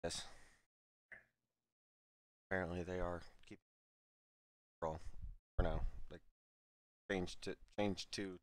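Deep-voiced laid-back male streamer. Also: fairly even intonation, takes it slowly, long pauses, dry recording. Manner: laid-back, explains game mechanics offhandedly. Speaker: game streamer. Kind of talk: casual gaming chat.

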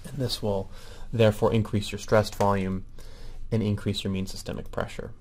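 A man's voice: lowish voice, little pitch movement, normal speed, darkish tone. A man giving a recorded medical lecture, explaining step by step with frequent ums and self-corrections.

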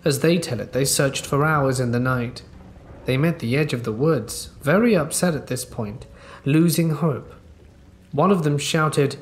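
A man narrating true scary stories in a calm, measured storytelling way. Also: a little high. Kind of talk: scripted narration. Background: faint rain ambience.

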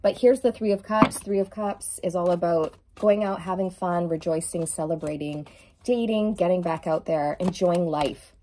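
A woman's voice: fairly low pitch, background noise. Effusive woman giving a tarot reading. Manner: effusive, emphatic, drawn-out key words; sings song lyrics softly at times. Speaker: tarot reader.

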